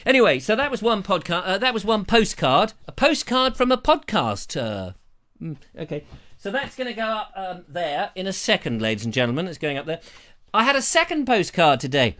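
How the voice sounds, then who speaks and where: Lively, jokey male live-show host. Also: high voice, normal speed. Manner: jokey, rambling, playful. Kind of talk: casual live-stream chat.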